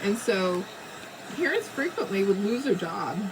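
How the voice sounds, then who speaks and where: A woman's voice: mid-range voice, very animated, a little slow. Friendly woman craft host, mid-range voice, chatty and upbeat, speaks right to viewers, slight background noise. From southern California. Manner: chatty and encouraging, talks straight to viewers, laughs often. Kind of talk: casual crafting livestream chat.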